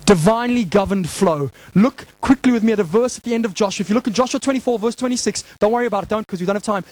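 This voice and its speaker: Male pastor, high voice, fiery emphatic sermon delivery. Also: rapid-fire, a little mellow, poor audio. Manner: impassioned, emphatic preaching with rhetorical questions. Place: church hall before a congregation.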